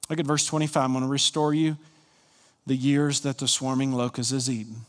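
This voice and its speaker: A man from Colorado preaching a sermon as pastor, emphatic and swinging from hushed lines to soaring ones. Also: medium pitch, little pitch movement, fairly quick, long reverb tail.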